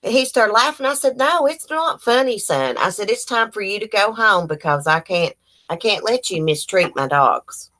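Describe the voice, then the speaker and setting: A woman, chatting casually on a livestream and telling animated stories full of quoted dialogue. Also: mid-range voice, moderate pace. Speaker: livestream host.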